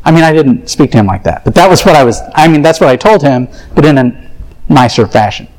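A man's voice: fairly high pitch, expressive, fairly quick, darkish tone, poor audio. A man preaching a sermon, telling a personal story in an earnest, confessional way and acting out his own thoughts.

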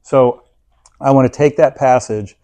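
Unhurried and at a medium pitch, a man delivers a lively, conversational sermon, guiding the congregation through reading aloud and dramatizing people's inner thoughts.

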